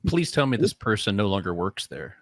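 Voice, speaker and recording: Male co-host, sarcastic comeback guy, lively pitch. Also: no echo, studio quality. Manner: sarcastic, quick retorts. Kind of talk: casual podcast chat.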